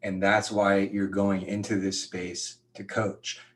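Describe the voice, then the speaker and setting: A man's voice: sits low, level tone, slow pace. A man on a live group coaching call who talks casually, fills his speech with "like", and prays aloud. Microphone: video call.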